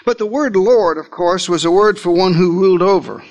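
High-voiced theatrical male preacher. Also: moderate pace, a little mellow. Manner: theatrical, with wide swings in pitch and pace. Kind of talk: dramatic first-person sermon storytelling.

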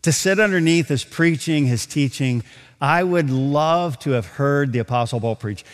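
A man's voice: a little high, normal speed, big-room sound. A man preaching a sermon in a large auditorium, reading scripture aloud and explaining it with emphasis.

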